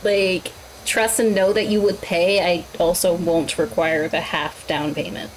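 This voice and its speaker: Giggly soft-spoken woman streamer. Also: lowish voice, fairly even intonation, a little slow, a little hiss or hum, low-quality recording. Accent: mixed New York and New Jersey American. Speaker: streamer and artist. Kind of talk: casual chat.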